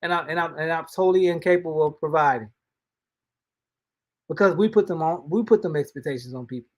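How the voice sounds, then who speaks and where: A man delivers a relaxed devotional talk in plain, everyday speech. His voice sits a little higher than most men's. He circles back and restarts phrases as he goes. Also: brisk. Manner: colloquial, folksy, repeats and restarts words. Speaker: host and motivational speaker. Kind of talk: casual spoken devotional.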